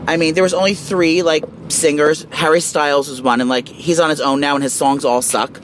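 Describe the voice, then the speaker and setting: A man co-hosting a casual celebrity gossip chat, animated, catty and quick with opinions. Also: on the high side, slight background noise. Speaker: co-host.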